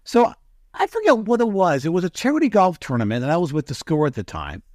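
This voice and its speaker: Male broadcaster guest, animated raconteur, high-ish voice that swings widely. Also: quick pace, no echo, clean studio sound. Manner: animated, excitable storyteller. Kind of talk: storytelling in a podcast interview.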